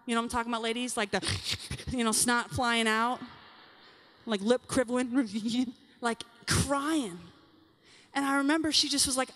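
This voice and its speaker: High-voiced woman speaking in a reverberant hall. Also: brisk. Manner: animated and confiding, addresses the audience directly. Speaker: conference speaker. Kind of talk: talk to a women's session at a youth conference. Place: large conference hall. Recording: long hall reverb from a large venue.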